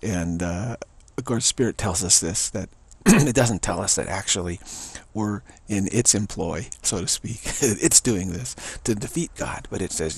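Male spiritual teacher, low and gravelly, very husky, voice fading, halting monologue. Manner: halting, searching delivery with frequent restarts. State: voice fading to a whisper.

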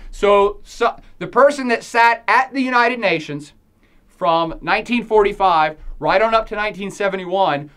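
An irreverent male lecturer keeps the tone loose and slangy. He laughs often and quizzes the class with rhetorical questions. His delivery stays animated and conversational. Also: high-pitched.

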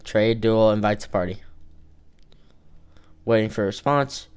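A man's voice: on the low side, a little slow, darkish tone, clean tone, soft background music. A man giving casual let's-play commentary, teasing and joking with the game's characters as he plays. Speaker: gamer playing an online role-playing game.

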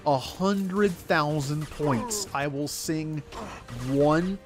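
Stretching out his words in a fairly high voice, a man chats casually over gameplay with music behind him. This gaming streamer's let's-play talk rambles along and pokes fun at himself.

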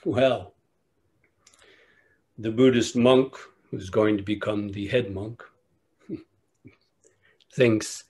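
Slow, measured male meditation teacher. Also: fairly low pitch, fairly even intonation, a little mellow. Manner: slow, measured storytelling with long pauses. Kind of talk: dharma talk storytelling.

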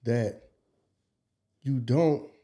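A man co-hosting a casual podcast discussion, talking deliberately and driving his points home through repetition. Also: mid-range voice, dark tone. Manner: deliberate, hammers points by repeating them. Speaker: podcast co-host.

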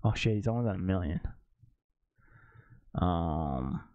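A man's voice: low voice, expressive, slow, warm tone, no echo. A young man casually chatting on a live stream, laughing often and talking to himself.

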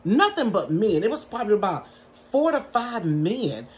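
Woman in her bedroom telling a story, animated, laughing, dramatic asides, very lively pitch. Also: moderate pace. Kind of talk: casual storytime.

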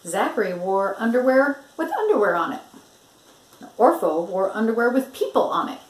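Expressive older woman reading a picture book. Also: on the high side, moderate pace, noisy background. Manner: expressive, storytelling. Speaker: grandmother reading aloud. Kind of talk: picture-book read-aloud. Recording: roomy echo.

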